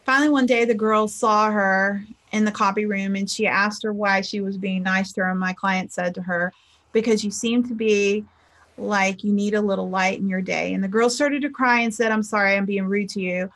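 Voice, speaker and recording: A middle-aged spiritual teacher and life coach gives a chatty motivational talk, telling stories and acting out the quotes of the people in them. Her medium-pitched voice is steady and a bit bright, at a moderate pace.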